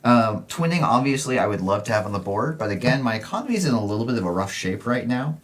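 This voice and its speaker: A man, a guest player on a card-game stream, deliberately talking through each move as he thinks aloud. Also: mid-range voice, animated, fairly bright tone.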